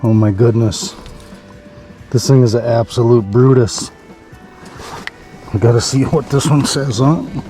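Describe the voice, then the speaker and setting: A man narrating a fishing vlog from an ice fishing shelter. He murmurs softly to the fish and breaks into excited exclamations. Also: mid-range voice, measured pace, long pauses, music in the background. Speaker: fishing vlogger.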